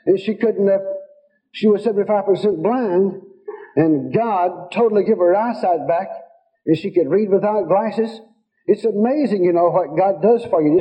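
A high-pitched male preacher with a drawl tells folksy healing stories to his congregation. He slips quotes of others into his own voice, and the recording sounds dull and lo-fi. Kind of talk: sermon.

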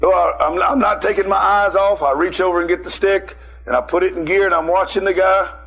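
A man's voice: sits high, steady tone, brisk, vocal fry, fairly bright tone, faint music behind. A man preaching a sermon, telling a personal story and calling out emphatically to his listeners.

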